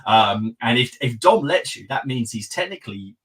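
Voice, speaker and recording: A male podcast host on a live stream, rattling off viewer greetings one after another and tossing in quick remarks between names. His pitch sits in an ordinary middle range for a man. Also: expressive, a bit bright.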